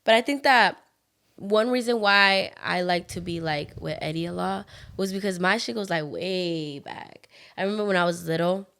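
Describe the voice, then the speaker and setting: A woman's voice: lowish voice, normal speed, gravelly, fairly bright tone, smooth. A young woman co-hosting a podcast, telling a personal story in casual chat with many fillers and acted-out quotes. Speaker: podcast co-host.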